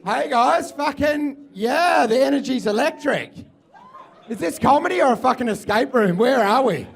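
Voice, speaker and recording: A man doing a loud, crude stand-up comedy set on a club stage, often shouting. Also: very high voice, expressive, moderate pace, gravelly.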